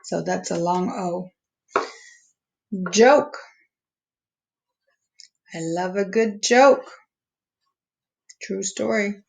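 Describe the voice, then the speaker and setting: Teacher lady sounding out words real slow for little kids, kinda gravelly. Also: mid-range voice, rough recording. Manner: slow, patient, stretching out each word sound. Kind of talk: phonics lesson for young students.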